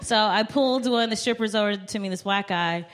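A woman's voice: mid-range voice, fairly quick. A woman in her thirties hosting a comedy show, telling a story in chatty banter full of "like". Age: 30s. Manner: chatty, heavy use of "like".

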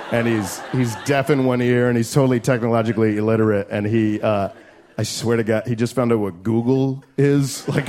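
A young man doing a crude, fast stand-up comedy set, yelling punchlines and laughing along. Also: mid-range voice. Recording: live club, loud crowd and noise.

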